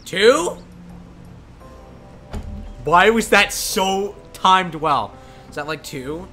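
A man streaming a game with friends, goofy and jokey with sudden loud outbursts. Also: high-pitched, expressive, drawn-out words, faint music behind. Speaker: streamer playing a game with voice actors. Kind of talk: casual let's-play banter.

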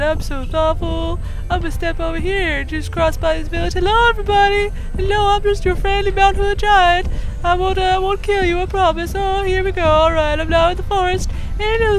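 A woman's voice: very high voice, fairly bright tone, pitched above the performer's own voice, poor audio. A woman voicing a goofy, friendly, dim-witted mountain giant god in a let's play, with a silly sing-song delivery. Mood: cheery.

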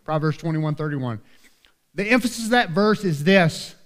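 A man with a high voice preaches in a church, his words ringing with long hall reverb. He talks to the congregation in an earnest, conversational way and keeps asking "right?". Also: animated, moderate pace, fairly bright tone. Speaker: pastor. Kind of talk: sermon. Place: church sanctuary.

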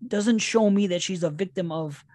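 A man's voice: sits high, moderate pace, darkish tone, no echo, clean studio sound. A man guesting on a podcast, chatting casually about horror films in a rambling, self-interrupting way with plenty of swearing. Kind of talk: casual horror film chat.

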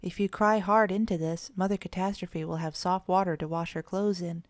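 A woman's voice: fairly low pitch, fairly even intonation, moderate pace, no room sound, close to an everyday voice. A woman voicing a brave little boy kitten who speaks eagerly. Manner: eager and earnest.

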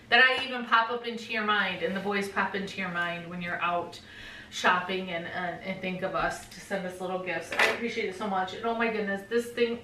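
A middle-aged woman talks to her camera at home, gushing and then slipping into a hushed whisper. Her voice sits a little away from the mic in a roomy bedroom, with a faint hum behind it. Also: medium pitch, far from the mic. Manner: effusive, often drops to a hushed whisper. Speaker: pet vlogger. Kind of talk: casual vlog, unboxing gifts.

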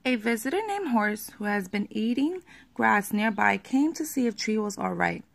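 A woman reading a children's picture book aloud at a steady pace, with the odd small slip. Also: a little high, normal speed, gravelly.

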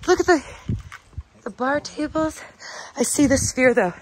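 A young woman from North Dakota vlogging her travels, excitable and casually swearing. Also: high-pitched, unhurried, a little hiss or hum, low-quality recording.

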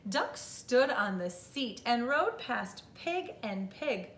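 A woman teacher reading a picture book aloud to children, telling the story slowly and expressively. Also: on the high side, distant mic, slight background noise. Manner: slow, expressive storytelling for kids. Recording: echoey room with faint ambience.

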